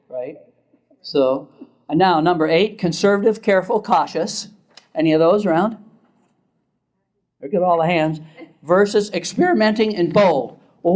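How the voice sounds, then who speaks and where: A man's voice: high voice, a little mellow. An older man, a therapist, lecturing a class in a casual, chatty way, laughing often and asking the audience questions.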